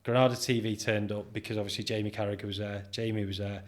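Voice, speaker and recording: Fast-talking, with a voice on the low side, a British business founder in his forties guests on a podcast. He delivers lively stories in a casual interview, playing out the dialogue himself and laughing often.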